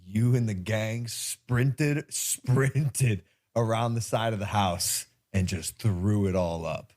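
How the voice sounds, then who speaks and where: A man telling a story in a relaxed, amused way in a clip played on a podcast. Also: on the low side, takes it slowly.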